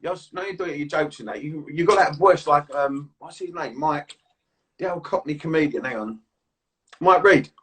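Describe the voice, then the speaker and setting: A man hosting a relaxed chat, asking easy questions with a husky voice. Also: a little high, moderate pace, recorded from a distance. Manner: laid-back, laughing, friendly questions. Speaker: host. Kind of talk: casual chat.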